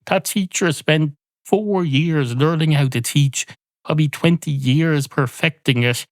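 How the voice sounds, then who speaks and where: Deadpan rambling comedian. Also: male voice, a little high, measured pace, no room sound. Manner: deadpan, musing, digressive. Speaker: podcast host. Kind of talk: rambling comic monologue.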